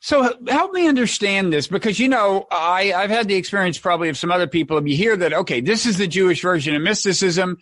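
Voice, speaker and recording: A man's voice: high-pitched, expressive, quick pace, few pauses, a bit bright, dry recording. A man hosting an interview, asking probing questions with a wry, dry humor. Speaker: podcast host. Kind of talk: conversational interview.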